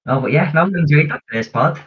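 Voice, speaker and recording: A man's voice: on the high side, lively intonation, fast talker, slightly rough. A man co-hosting a podcast, chatting in an easygoing way and planning aloud. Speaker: podcast co-host. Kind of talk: casual chat. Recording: dull lo-fi audio.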